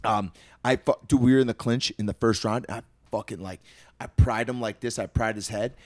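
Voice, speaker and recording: A man's voice: fairly low pitch, fairly quick, dry recording. Man in his thirties telling a story. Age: 30s. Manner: animated, profane, trailing off into hushed asides. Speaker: podcast co-host, retired fighter. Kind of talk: casual storytelling chat.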